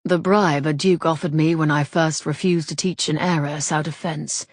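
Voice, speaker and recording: A woman voicing a lazy, teasing rogue of a gentleman. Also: deep voice, fairly even intonation, moderate pace, dry recording, studio quality. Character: teasing, roguish gentleman swordsman, adult man. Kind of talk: audiobook character voice.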